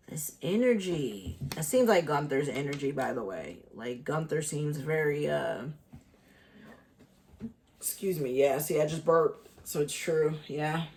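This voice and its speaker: Woman tarot reader, casual vlog delivery, chatty and meandering, unhurried pace. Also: sits low, darkish tone. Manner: chatty, thinking aloud, many fillers.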